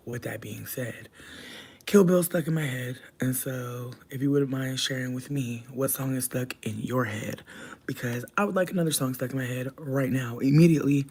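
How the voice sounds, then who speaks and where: Young adult streamer, casual live chat, profane and animated storyteller who swings from loud, high bursts to quiet asides. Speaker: livestreamer reading chat.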